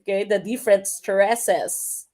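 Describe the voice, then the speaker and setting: A woman's voice: mid-range voice, slow, darkish tone. Filipino woman giving a live exam review. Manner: mixes English and Tagalog, reads out viewer comments, drills stress patterns.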